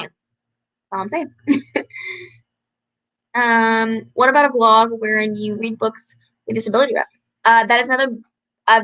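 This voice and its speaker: A young woman chatting from home, her voice bright and rather high. She talks in a bubbly, easygoing way, full of "likes" and little laughs, as she answers viewer comments. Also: rough recording. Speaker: book vlogger hosting a livestream. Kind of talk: casual chat reading viewer comments.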